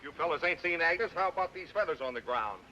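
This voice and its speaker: A man playing a gruff, barking sheriff. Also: fairly high pitch, expressive, fast, natural voice. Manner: blunt, barking orders. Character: gruff small-town sheriff, middle-aged. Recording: dull, hissy old TV soundtrack.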